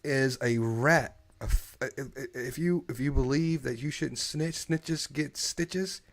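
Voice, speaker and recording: A man hosting a casual live-streamed podcast chat, opinionated and animated, often restarting his sentences. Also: medium pitch, moderate pace. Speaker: podcast host.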